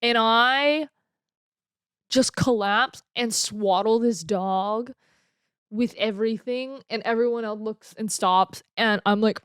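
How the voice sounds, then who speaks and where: A young woman in her twenties tells a story into a desk mic at home, chatty and giggly, with plenty of ums and uhs. Her voice sits at a middling pitch. The sound is dry and close. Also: slow, clear, resonant tone, dry recording. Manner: chatty and giggly, with lots of fillers. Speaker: vlogger. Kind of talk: casual storytelling.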